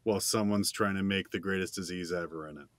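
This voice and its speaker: Low-voiced man riffing jokes. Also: steady tone, fast, no echo. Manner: jokey, riffs on the story with quips. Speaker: podcast co-host. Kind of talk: casual comedic chat.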